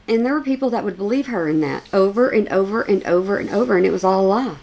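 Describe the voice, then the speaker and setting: A woman's voice: mid-range voice, expressive, quick pace, creaky, few pauses, a little mellow. A woman giving reaction commentary, emphatic and scornful, repeating her points for stress. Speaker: commentary YouTuber. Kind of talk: reaction commentary on video clips.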